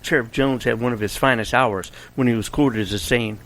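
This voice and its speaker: A man narrating a storybook in a steady, wry manner. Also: medium pitch, normal speed, few pauses, poor audio.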